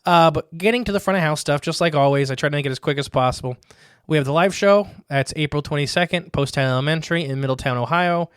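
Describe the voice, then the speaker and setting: Upbeat rambling podcast host, smooth dry voice. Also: male voice, fairly high pitch, fast, no room sound. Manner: rambling, upbeat show announcements. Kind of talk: casual podcast chat.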